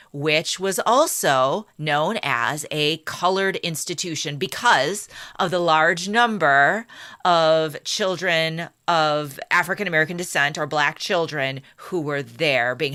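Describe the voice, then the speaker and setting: A woman co-hosts a relaxed history podcast and works carefully through the story from her notes. Her voice is bright and clear but sits a little low, and she speaks at an unhurried, deliberate pace. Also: no echo, studio quality. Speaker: podcast co-host. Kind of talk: casual history podcast chat.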